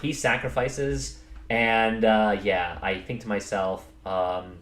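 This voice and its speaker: A man's voice: fairly low pitch, flat delivery, slow pace, a bit bright. Rambling man recapping his chess game. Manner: rambling, many fillers, self-mocking. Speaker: chess player reviewing his own game. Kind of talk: casual game recap commentary. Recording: roomy echo, faint background noise.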